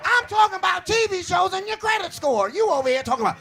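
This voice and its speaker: A man doing a live stand-up comedy set, talking loud and punchy and shouting his punchlines. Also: very high voice, expressive, quick pace, hardly any pauses, a faint crowd. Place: comedy stage before a live audience. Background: audience.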